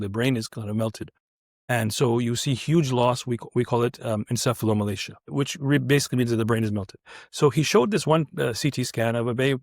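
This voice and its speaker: A man's voice: mid-range voice, dry recording, clean studio sound. A man, a surgeon, telling a story casually and acting out the dialogue with quoted voices, often restarting his sentences. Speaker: neurointerventional surgeon, podcast guest.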